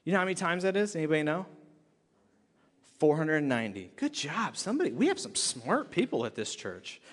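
A male pastor preaches with a high, light voice, telling his story in an animated way and acting out the quotes. His words carry a long reverb through the church hall. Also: a little fast. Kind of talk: sermon.

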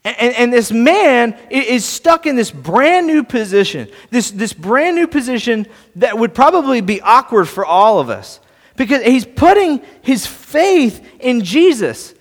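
A man preaching a sermon, earnest, restarting and repeating words and swinging between soft and loud. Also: extremely high pitch, big pitch swings, unhurried, in a large hall. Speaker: pastor.

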